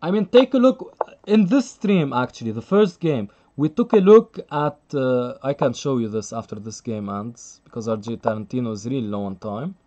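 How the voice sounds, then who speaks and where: A man's voice: mid-range voice, lively intonation, moderate pace, dark tone, dull audio. A man commentating live chess on a stream, chatty and thinking aloud, laughing often and reading out the chat.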